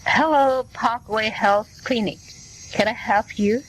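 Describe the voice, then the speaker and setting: A woman's voice: fairly high pitch, low-quality recording. A woman reading as a polite clinic receptionist. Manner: slow, plain reading voice. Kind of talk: scripted dialogue for learners.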